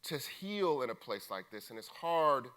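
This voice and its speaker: A man quoting a tall, gentle prison inmate who speaks softly and calls him "man" and "bruh". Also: medium pitch, sing-song, measured pace, clear, resonant tone. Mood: earnest. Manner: soft-spoken, calls the listener "man" and "bruh".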